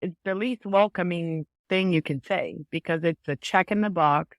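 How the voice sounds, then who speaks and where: A woman speaking as a podcast guest, explaining her points emphatically in quick bursts. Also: on the low side, no room sound. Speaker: podcast guest, business advisor. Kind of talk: conversational interview.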